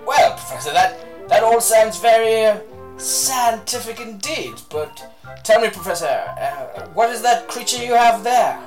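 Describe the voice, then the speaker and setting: A woman's voice: on the high side, expressive, a little slow, darkish tone, far from the mic, soft background music. A woman playing a prim, fussy male professor.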